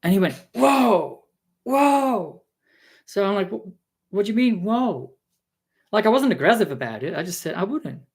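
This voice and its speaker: Animated man retelling a heated exchange. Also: a little fast, husky. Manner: animated retelling that acts out quoted people with pitch jumps; exasperated, sarcastic asides. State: tired. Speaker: vlogger. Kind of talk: casual storytelling monologue.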